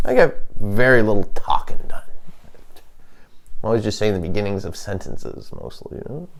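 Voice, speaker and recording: A man hosting a comic monologue, rambling and halting with many fillers, delivering sardonic deadpan jabs. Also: fairly low pitch, creaky. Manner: halting, full of fillers and restarts. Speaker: comedian host.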